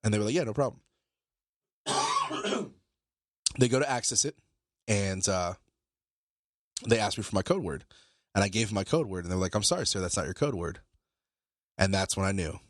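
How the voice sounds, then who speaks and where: A man, a podcast co-host, telling a story in casual talk, animated and swearing, acting out both sides of phone calls. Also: on the low side, moderate pace, long pauses, no room sound, clean studio sound.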